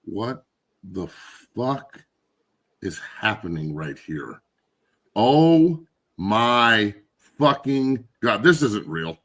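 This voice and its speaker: A man co-hosting a sports talk show, profane and incredulous, breaking into shouts. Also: on the low side, sing-song, extremely slow, pauses often. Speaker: co-host. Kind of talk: casual sports chat.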